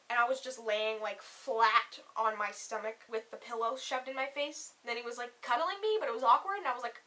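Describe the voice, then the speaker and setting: Young woman vlogging a funny story, high voice, swears a ton, acts out every quote. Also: bright, forceful tone. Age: young adult. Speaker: comedy YouTuber. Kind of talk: comedic storytelling vlog. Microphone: camera mic.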